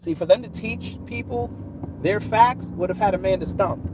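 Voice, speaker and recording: A man's voice: high voice, normal speed. A man live-streaming from his car, answering his chat in a combative, sarcastic, mocking way. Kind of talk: live-stream commentary while driving. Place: inside a moving car. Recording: lo-fi phone audio with road noise.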